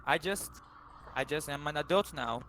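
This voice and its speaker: A man's voice: fairly high pitch, normal speed, sharp tone. Playful man at a tabletop game. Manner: playful, cheerful. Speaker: player. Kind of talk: playing a character at a tabletop game.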